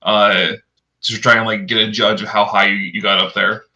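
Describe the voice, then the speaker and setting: A man narrating as game master of a tabletop game, halting often with fillers and restarts. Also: fairly low pitch, flat delivery, sharp tone, lo-fi sound.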